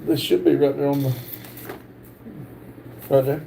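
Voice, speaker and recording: A man hosting a livestream, reading viewer comments aloud with halting pauses and fillers. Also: mid-range voice, fairly even intonation, gravelly, warm tone, a little hiss or hum. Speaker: livestream host.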